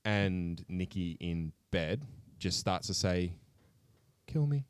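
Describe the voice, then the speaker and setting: A man co-hosting a podcast, retelling a film plot in an animated, sweary way. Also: low-pitched, slow, clean tone. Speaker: podcast co-host. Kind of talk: casual chat.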